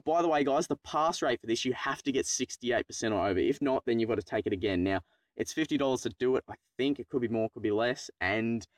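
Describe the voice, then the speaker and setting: A teenage man telling a funny personal story to his viewers, excitable and swearing freely, dropping into low mutters when he acts out his own panic. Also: dry recording, studio quality. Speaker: vlogger. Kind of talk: casual storytelling to camera.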